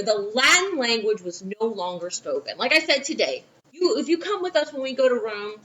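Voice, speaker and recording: New Orleans teacher, bright voice. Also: female voice, on the high side, far from the mic, low-quality recording. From Louisiana, USA. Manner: chatty, with asides and quoted voices. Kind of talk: recorded history lesson for a class.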